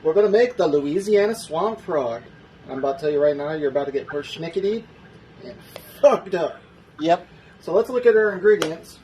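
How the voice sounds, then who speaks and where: Joking man, slightly high voice. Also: a little mellow, slight background noise, poor audio. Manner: loose, joking, walks through a drink recipe. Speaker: podcast co-host. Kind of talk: casual podcast chat.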